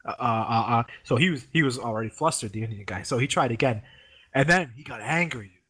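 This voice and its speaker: A young man casually telling a story, animated, swearing freely and acting out the people in it. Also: medium pitch, quick pace, slightly rough. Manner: animated, swears a lot, mimics the professor in raised voice. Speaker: former grad student telling a story.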